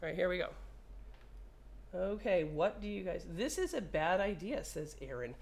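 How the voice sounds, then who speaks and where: A woman repair technician with a low, gravelly, husky, slightly mellow voice walks viewers through a hands-on demo at normal speed. Her intonation is lively, and she's playful, chatting to the phone and cursing when things go wrong.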